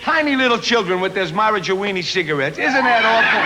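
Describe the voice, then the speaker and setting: A man's voice: high-pitched, animated, fast, a loud crowd. A middle-aged man doing a chatty, self-mocking stand-up comedy monologue built on punchlines. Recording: noisy old 1970s TV recording.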